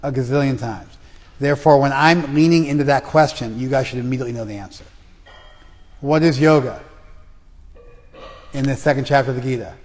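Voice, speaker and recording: A man's voice: medium pitch, fairly quick, pauses often, a little mellow. Blunt teasing man quizzing a class. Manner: blunt, teasing, calls on students by name. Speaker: Bhagavad Gita teacher. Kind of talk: interactive class lecture, quizzing students. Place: class in a reverberant room. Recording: long room reverb.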